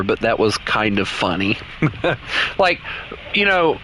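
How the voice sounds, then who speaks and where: A man's voice: lowish voice, big pitch swings, slow pace, pauses often, sharp tone. Chatty man narrating his tank game. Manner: chatty, laughs often, talks to himself while playing. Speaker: gaming streamer. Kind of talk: casual gameplay commentary. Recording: noisy game audio underneath.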